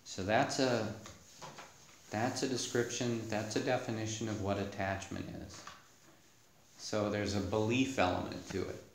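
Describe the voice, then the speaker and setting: Male meditation teacher, low voice, patient explanatory dharma talk, echoey room. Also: little pitch movement, a little hiss or hum. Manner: unhurried, explanatory, with many "you know"s.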